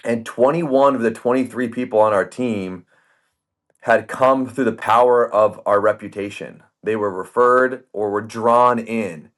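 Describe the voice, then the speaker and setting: A man hosting a podcast in casual chat, telling stories in an animated way and acting out the voices of the people he quotes. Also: fairly low pitch, measured pace. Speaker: podcast host. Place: podcast studio.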